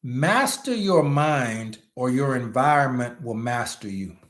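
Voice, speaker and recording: A man giving a motivational leadership talk to network marketers, animated and preachy, with slangy asides and sudden shouts. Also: medium pitch, takes it slowly.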